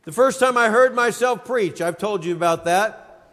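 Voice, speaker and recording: A man in his fifties preaching a sermon, with emphatic delivery, dramatic pauses and lists, in a church sanctuary. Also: sits high, fairly bright tone. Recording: long hall reverb.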